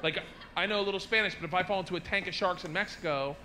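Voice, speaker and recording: A man doing a stand-up routine, swinging from low confiding asides to loud shouted bursts, recorded live with an audience laughing. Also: rapid-fire, slight background noise. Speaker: stand-up comedian.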